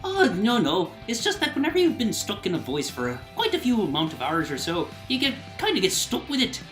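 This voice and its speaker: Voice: medium pitch, huge pitch swings, a little fast, fairly bright tone, reverberant, faint music behind. A podcast co-host chatting playfully and teasing the others. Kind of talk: casual chat.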